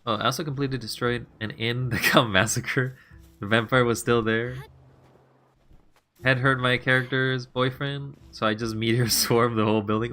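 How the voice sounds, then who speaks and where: A man's voice: medium pitch, steady tone, moderate pace, pushed and bright. A man streaming a game, chatting casually with his viewers, rambling and laughing as he plays.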